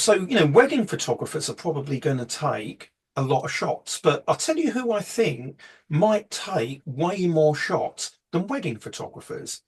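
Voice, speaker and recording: Husky man rambling through a talk. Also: a little high, very animated, normal speed. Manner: rambling, heavy with fillers and restarts. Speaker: photography workshop presenter. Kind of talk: casual slide presentation.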